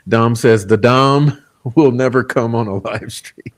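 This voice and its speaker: A man's voice: mid-range voice, takes it slowly. A man hosting a casual livestream, reading viewer comments aloud in a laid-back, rambling way, chuckling often. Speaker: livestream host.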